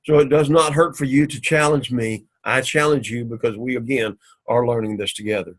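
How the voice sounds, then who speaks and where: A man teaching an introductory Greek class, explaining grammar methodically and reading Greek phrases slowly. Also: medium pitch. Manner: methodical, repeats "again" often, reads Greek slowly. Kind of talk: recorded classroom lecture. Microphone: camera recording of a lecture.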